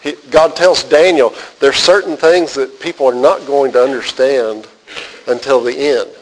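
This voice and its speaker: A man teaching verse by verse from the Bible in an earnest, conversational way, sometimes dropping very quiet for emphasis. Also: medium pitch, fairly even intonation, moderate pace, low-quality recording. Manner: earnest, conversational, drops to a near-whisper for emphasis. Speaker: pastor.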